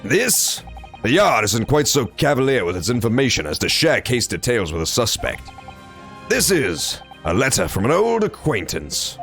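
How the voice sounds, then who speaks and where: A man's voice: mid-range voice, wildly swooping pitch, moderate pace, gravelly, a bit bright, faint music behind, full character voice. A man voicing a cold, haughty aristocratic prosecutor who speaks curtly and dismissively. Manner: curt, dismissive.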